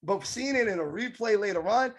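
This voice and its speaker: A man co-hosting a casual sports podcast, excitable and profane as he jumps in with stories. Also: sits high, brisk. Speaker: podcast co-host.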